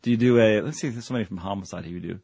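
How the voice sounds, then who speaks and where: A man's voice: on the low side, racing, creaky, a little mellow, slightly rough, no room sound. A man co-hosting a casual podcast, teasing his partner and rambling with plenty of fillers. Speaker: podcast co-host. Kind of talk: casual chat.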